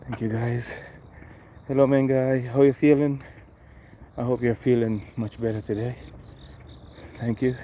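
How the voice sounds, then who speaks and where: A man's voice: medium pitch, level tone, measured pace, phone-quality sound, slight background noise. A man hosting a casual live walking vlog on a residential street, chatting with viewers and greeting them by name. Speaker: livestream host.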